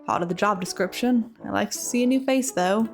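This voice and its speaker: A woman putting on a talkative old hermit man from a video game, who rambles on happily in broken, folksy grammar. His voice sits at a middling pitch for a woman, with faint game music underneath. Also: normal speed, darkish tone, lightly acted. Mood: cheery rambling. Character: chatty old male cave hermit.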